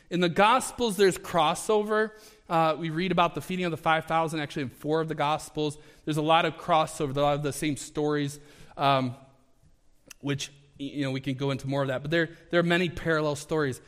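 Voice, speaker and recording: Man, preacher, high voice, animated sermon, long church reverb. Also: moderate pace. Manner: animated, conversational, acts out the scripture.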